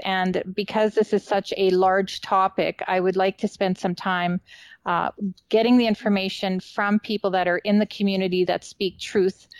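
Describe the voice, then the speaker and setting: A woman's voice: mid-range voice, no echo, poor audio. Earnest woman, radio commentator. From British Columbia, Canada. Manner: earnest, hesitant, with many fillers. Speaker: regular radio show contributor.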